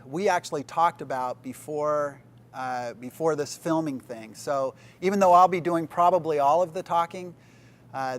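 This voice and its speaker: A middle-aged man, a pastor, giving a casual, conversational teaching talk to a small group, using easy fillers and a light joke. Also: mid-range voice. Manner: relaxed, conversational, with fillers and jokes.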